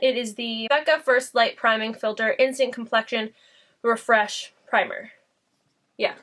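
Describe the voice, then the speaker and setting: A woman's voice: a little high, steady tone, unhurried, fairly bright tone. A young woman chatting bubbly to camera as she walks through her makeup tutorial at home. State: out of breath. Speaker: beauty vlogger. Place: bathroom at home.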